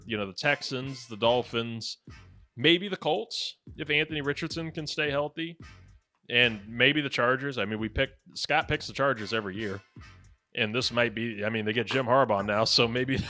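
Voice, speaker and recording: A man's voice: mid-range voice, pushed and bright. A young man hosting a casual sports podcast, joking and keeping the countdown moving. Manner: joking, upbeat, runs the countdown. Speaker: podcast host.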